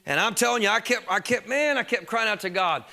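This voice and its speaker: A high, bright-voiced man preaching from the pulpit. He talks in a plain, conversational way to the congregation, then drives his points home with loud, emphatic bursts. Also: expressive, brisk, vocal fry. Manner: emphatic preaching, rising to shouts on key phrases. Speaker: pastor. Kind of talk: sermon.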